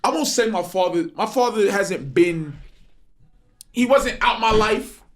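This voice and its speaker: A man's voice: high voice, expressive, a little slow, a bit bright. A young man with a New York accent, telling stories animatedly in street slang on a casual podcast. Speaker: podcast host.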